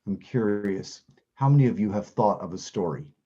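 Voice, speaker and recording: A man with a low, mellow and slightly husky voice teaches a Bible class in an easy, conversational way. He asks his listeners questions and comes back to his key phrases again and again. The recording sounds dull and lo-fi. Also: animated, normal speed. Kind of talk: interactive class lesson.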